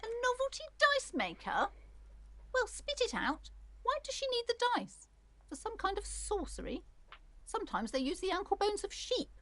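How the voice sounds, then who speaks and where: A woman's voice: very high-pitched, huge pitch swings, normal speed, sharp tone, exaggerated voice. A woman voicing a theatrical, superstitious, middle-aged female shopkeeper who speaks in a grandiose, melodramatic way. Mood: impatient. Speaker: game character.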